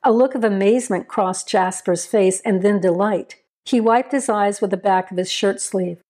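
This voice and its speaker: A woman reading a crime story aloud as narrator in an even, measured way. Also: mid-range voice.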